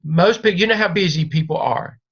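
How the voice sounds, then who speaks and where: A man's voice: high voice, brisk, a bit bright, breathy edge. A man advising a doctoral student one-on-one over a video call, talking in a reassuring, repetitive coaching manner. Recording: dull lo-fi video call audio.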